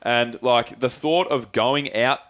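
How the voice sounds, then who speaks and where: A man's voice: mid-range voice, slow pace, fairly bright tone, no echo. A young man co-hosting a podcast, telling a personal story in casual chat, swearing freely and acting out his friends' voices. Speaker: podcast co-host.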